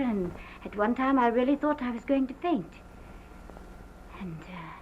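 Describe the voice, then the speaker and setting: An actress playing a distraught woman who haltingly recounts a violent night, in early sound-film acting on a muffled old film recording. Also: on the high side, slight background noise, lightly acted. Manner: halting, hesitant, breaks off.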